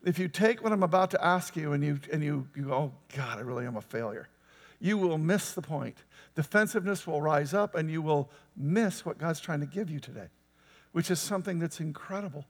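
Man, high voice, pastor, conversational sermon, asks the congregation questions. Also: fairly quick, in a large hall.

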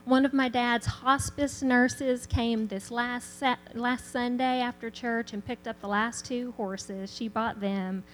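Southern woman, higher voice, lively testimony storyteller, long reverb and faint hum. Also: slow, hardly any pauses. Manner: animated storyteller, laughs often. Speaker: church member giving a testimony.

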